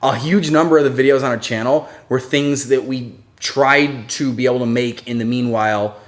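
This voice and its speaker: A man co-hosting a casual live stream, rambling and relaxed with many fillers. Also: mid-range voice, normal speed. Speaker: channel co-host.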